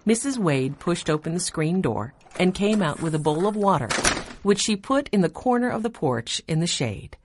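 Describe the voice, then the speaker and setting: A woman narrating a children's chapter book in an even storytelling voice. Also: lowish voice, moderate pace, noisy background. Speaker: audiobook narrator.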